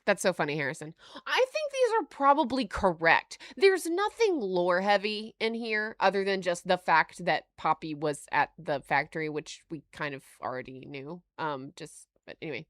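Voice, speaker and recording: A woman hosting a live stream, reading notes aloud and reacting to chat with frequent laughter and animated asides. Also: on the low side, moderate pace, no room sound, studio quality. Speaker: livestream host.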